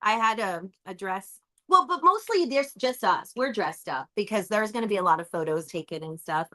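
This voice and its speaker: Bright-voiced woman reading comments. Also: medium pitch, animated, moderate pace. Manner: reads comments aloud, laughs easily. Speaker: co-host reading viewer comments. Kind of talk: casual live chat. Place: restaurant.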